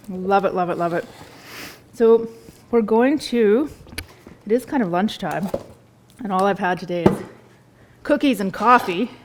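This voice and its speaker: A woman's voice: medium pitch, background noise. A woman, a chef giving a live cooking demonstration in a store kitchen, chatty and enthusiastic as she tastes food while she talks.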